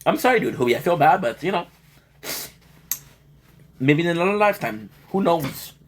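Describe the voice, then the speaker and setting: Slightly high and swinging widely in pitch, this man's voice moves at a moderate pace over faint background noise. He's live streaming in a laid-back way, joking with his chat before turning to game commentary, and he sounds tired and a bit sick.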